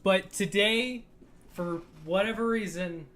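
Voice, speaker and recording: A young man hosting a casual livestream, his voice sitting a touch high. He talks wryly, swears offhandedly and breaks into laughter often. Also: slow, a bit bright. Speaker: streamer host.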